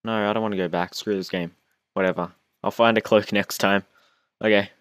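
Casually narrating his own gameplay, a young man jokes, whines, and teases himself. His voice is lowish and fairly even, the pace brisk, and the recording clean and dry.

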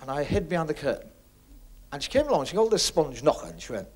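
A man doing stand-up comedy on a 1970s TV stage, telling quick jokes with punchlines. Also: very animated, a little mellow. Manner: brisk punchline delivery with big pitch swings. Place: TV studio stage with audience.

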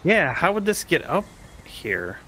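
A man's voice: a little high, big pitch swings, a little slow, fairly bright tone, slight background noise. A man co-hosting a game stream, reading viewer comments and teasing his friend with wisecracks. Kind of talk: casual let's-play chat.

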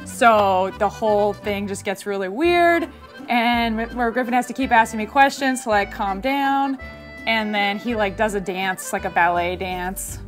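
A young woman comedian telling a childhood story in a wry, casual, deadpan way, with music playing behind her. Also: medium pitch, measured pace. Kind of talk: comic storytelling.

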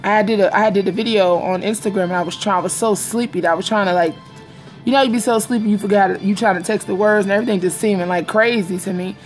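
A woman's voice: medium pitch, steady tone, quick pace, faint music behind. A young woman vlogging casually to her viewers, rambling and confiding, repeating herself and calling them y'all. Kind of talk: casual vlog chat to viewers. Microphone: phone or webcam in front of her.

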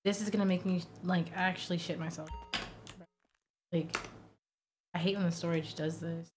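A woman's voice: lowish voice, fairly even intonation, moderate pace, noisy background. A woman streaming a game roleplay, chatting casually with plenty of fillers. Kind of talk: casual gaming stream chat.

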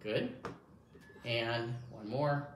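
Drawing out his words in a medium-pitched voice, a man runs a hearing test demo and encourages the listener the way one would a young child. The recording has an echoey room sound and faint background noise.

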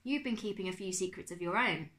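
A woman reading aloud and voicing a fussy, excitable middle-aged uncle who exclaims and splutters. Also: mid-range voice, quick pace, natural voice. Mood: explaining.

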